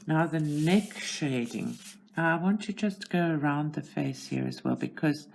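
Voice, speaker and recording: A low-voiced woman with a South African accent, speaking slowly and unhurriedly with a gravelly edge. She talks through her work in a relaxed, chatty way, poking fun at herself, with faint background noise. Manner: chatty, self-deprecating, talks to herself while working. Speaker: channel host. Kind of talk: casual narration while coloring. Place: at home.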